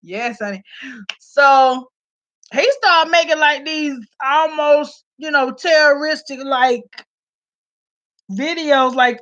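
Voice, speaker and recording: Loud, animated woman vlogger. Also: high voice, takes it slowly, pauses often. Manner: loud, animated, profane, laughs often. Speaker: vlogger reviewing a documentary. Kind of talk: casual storytelling commentary. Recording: slightly dull lo-fi audio.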